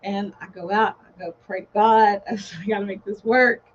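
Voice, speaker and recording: A woman guest on a podcast telling her story in a casual, animated way, laughing often and acting out other people's voices. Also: medium pitch, moderate pace, slight background noise. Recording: dull lo-fi podcast audio.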